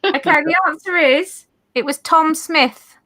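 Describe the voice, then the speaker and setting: A woman hosting a casual party quiz, reading each question slowly and carefully and laughing at her own slips. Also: sits high, pushed and bright. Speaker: quiz host.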